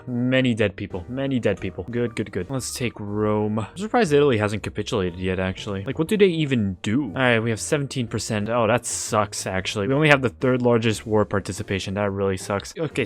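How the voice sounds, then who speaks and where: A man commentating over a strategy game, sarcastic and swearing often, with sudden bursts of mock outrage. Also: fairly low pitch. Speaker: gaming commentator.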